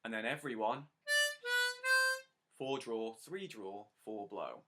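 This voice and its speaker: A man's voice: lowish voice, loud music behind the voice. A man teaching a harmonica lesson step by step, patiently counting in and praising the learner. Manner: counts in and sings lines slowly; encouraging, patient.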